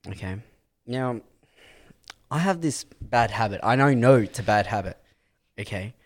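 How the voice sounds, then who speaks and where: A man's voice: mid-range voice, measured pace. A man co-hosting a casual podcast, telling a story and acting out the voices in it. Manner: animated storyteller, acts out quotes loudly. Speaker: podcast co-host.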